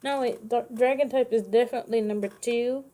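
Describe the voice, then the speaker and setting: Mellow-voiced woman rambling on a livestream. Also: on the high side, fairly even intonation, fairly quick. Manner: rambling, self-correcting, chatty asides. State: tired, yawning. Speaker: streamer making custom cards. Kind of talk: casual livestream chat.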